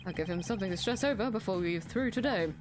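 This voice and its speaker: A woman's voice: medium pitch, fast, noisy background, natural voice. A woman voicing a smug adult male chief prosecutor in an exaggerated, posh British accent.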